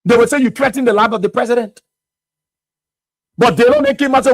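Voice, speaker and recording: A man's voice: very high-pitched, expressive, normal speed, pauses often, no echo. A Liberian man hosting a radio talk show, delivering fiery political commentary full of rhetorical questions. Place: radio studio.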